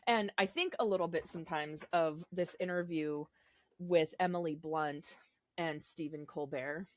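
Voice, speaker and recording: Woman guest, lowish voice, dry close sound, chatty and halting. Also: dry recording. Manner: hesitant, laughs between thoughts, many fillers. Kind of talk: casual chat.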